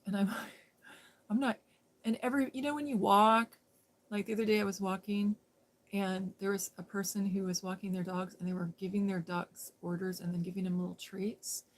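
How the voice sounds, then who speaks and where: A woman's voice: mid-range voice, flat delivery, brisk. Chatty woman rambling on a livestream. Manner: rambling, self-interrupting, laughs often. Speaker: livestream host. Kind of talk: casual chat on a live stream.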